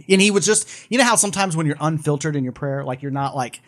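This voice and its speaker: Animated man retelling a story. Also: on the high side, quick pace, few pauses. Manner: animated storyteller, many restarts and fillers. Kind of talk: casual discussion, retelling a story.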